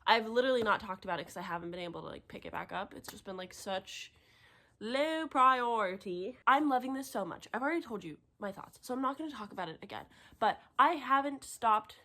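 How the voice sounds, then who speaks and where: A young woman with a slightly high voice talks casually to the camera, gushing and excitable. She laughs often and sounds tearful after a good cry. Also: brisk. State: tearful, having just cried. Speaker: book vlogger. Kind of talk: casual reading vlog chat.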